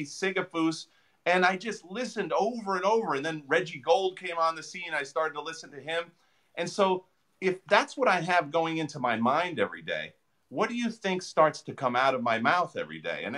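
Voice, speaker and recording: A man, a chiropractor guest, answering interview questions with animated storytelling and frequent fillers. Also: fairly high pitch.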